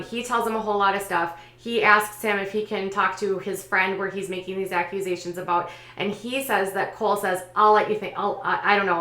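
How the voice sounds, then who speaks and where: A woman host recounting online gossip and reading out posts, in a conversational way with frequent pauses and fillers. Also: mid-range voice, bright, forceful tone, roomy sound. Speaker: commentary channel host.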